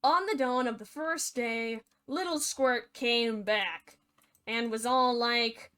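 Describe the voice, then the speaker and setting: A young woman narrates a fairy tale as a rambling, jokey retelling. She keeps it loose and full of slang, her tone bright and crisp, sitting fairly high. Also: takes it slowly. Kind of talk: casual storytelling narration.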